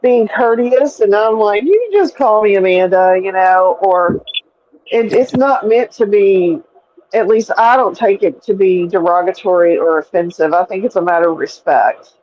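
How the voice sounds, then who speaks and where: A woman from the American South with a Southern accent, speaking calmly and courteously on a panel. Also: medium pitch, no echo, muffled recording. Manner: measured, courteous, explains calmly. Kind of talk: casual chat.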